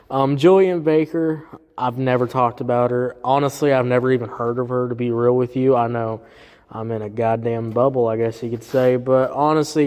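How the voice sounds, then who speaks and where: A man's voice: medium pitch, darkish tone. Man, casual music reviewer, swearing, rambling fillers, echoey hall sound. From southern US. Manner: profane, rambling, heavy fillers. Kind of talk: casual solo review chat. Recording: roomy hall reverb.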